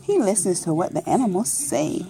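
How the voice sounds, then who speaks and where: A woman's voice: fairly low pitch, expressive, moderate pace, vocal fry, mellow. A mother reading a picture book aloud to her toddler at home, playfully coaxing and imitating animal sounds.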